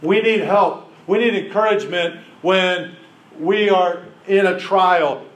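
Animated man preaching in an echoey room. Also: high voice, slow pace. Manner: animated, laughing, acts out quotes. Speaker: pastor leading a group exercise. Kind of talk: informal sermon with group participation. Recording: roomy echo.

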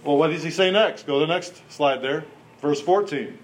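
Man, high voice, pastor, casual jokey sermon. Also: normal speed, a little hiss or hum. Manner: conversational, jokey Bible retelling.

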